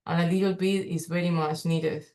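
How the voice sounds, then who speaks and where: Low-voiced woman giving an online talk. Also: steady tone, normal speed, darkish tone. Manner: hesitant, many fillers and restarts. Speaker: guest speaker, pollinator researcher. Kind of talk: virtual workshop presentation. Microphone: video call.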